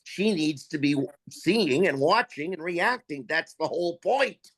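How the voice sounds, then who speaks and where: Male guest raconteur, slightly high voice, animated and profane storytelling. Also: measured pace. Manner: animated, profane anecdote with acted quotes. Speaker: guest filmmaker. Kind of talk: casual storytelling.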